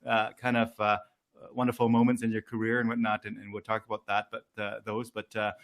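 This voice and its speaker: A man's voice: lowish voice, level tone, fairly quick. A man hosting an interview, asking questions hesitantly with many fillers. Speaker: interview host.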